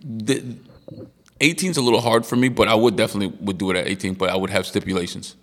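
Gravelly-voiced man telling loose stories. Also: fairly low pitch, fast, big-room sound. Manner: animated storyteller, laughs often, swears freely. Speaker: podcast co-host. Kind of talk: casual chat.

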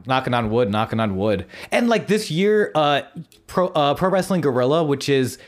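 A man from Buffalo, New York, talking casually as a podcast co-host. His voice sits at an ordinary middle pitch. He is excitable and jokey and swears freely. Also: normal speed. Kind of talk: casual chat.

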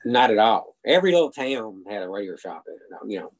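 A man's voice: lowish voice, sing-song, a little fast, poor audio. An older retired salesman, a man, telling long rambling stories with restarts and quoted dialogue in a casual interview. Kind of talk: casual storytelling.

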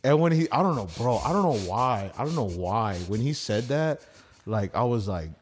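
Hosting a casual podcast, this stand-up comic wanders through foul-mouthed stories and performs the lines he quotes. His mid-range voice has lively intonation at a moderate pace, with slight background noise.

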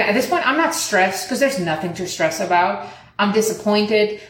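Young woman, casual storyteller, lively and profane, ordinary pitch, roomy sound. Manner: animated, acts out quoted lines in higher pitch, swears often.

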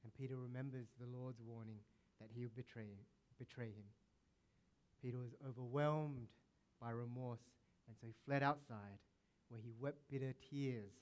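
A man preaching a sermon as pastor, asking the congregation rhetorical questions, rising with emphasis and then dropping to a hushed tone. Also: mid-range voice, steady tone, moderate pace.

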